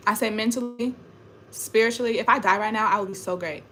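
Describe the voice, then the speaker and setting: A young woman with a bright, sharp voice vents straight into her phone camera at home. She circles back to the same phrases again and again, emphatic and frustrated, in a spiritual rant. Faint noise hums underneath. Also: fairly high pitch, brisk. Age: young adult. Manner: emphatic and repetitive, frustrated venting. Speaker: vlogger. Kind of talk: ranting spiritual vlog monologue. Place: at home indoors.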